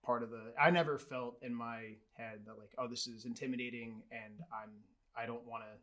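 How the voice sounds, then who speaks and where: A man's voice: mid-range voice, steady tone, fairly quick, bright, forceful tone. A man, a musician guest on a talk show, chatting eagerly and emphatically, laughing often. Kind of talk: casual interview chat.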